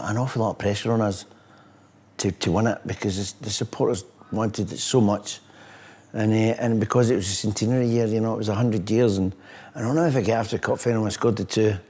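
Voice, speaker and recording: A man's voice: lowish voice, slightly rough. A former footballer recalling team stories in an interview, chuckling as he talks. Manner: chuckling, animated storytelling. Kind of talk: anecdotal interview.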